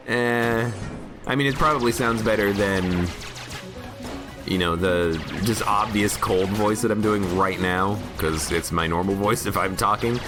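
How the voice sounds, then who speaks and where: Man with a deep, rough cold voice. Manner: rambling, self-mocking, quick asides. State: sick with a cold, voice hoarse and shot. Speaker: streamer playing a game. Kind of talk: casual gameplay commentary.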